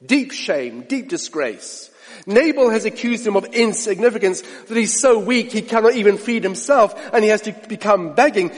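A man preaching a sermon, dramatic and full of rhetorical questions, often dropping to a hushed aside. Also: high voice. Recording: long reverb of a large hall.

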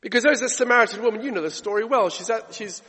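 A man's voice: high-pitched, fast, bright, forceful tone, breathy edge, in a large hall. A man preaching a sermon as pastor, retelling scripture stories in a conversational way that builds to emphatic preaching. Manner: storytelling, rising to emphatic preaching. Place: church.

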